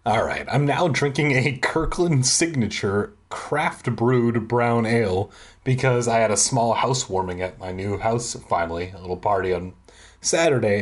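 A man's voice: mid-range voice, moderate pace, husky. A man reading a children's horror book aloud at home, breaking off for sarcastic asides and chatter about his drink. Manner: sarcastic asides mocking the text. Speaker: reader. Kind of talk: comic drunk read-aloud of a kids' horror book.

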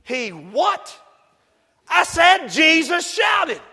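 High, bright-voiced shouting preacher. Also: male voice, big pitch swings, very slow, creaky. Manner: hollers and whoops, swings between shouting and low asides. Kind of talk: shouting sermon. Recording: long hall reverb.

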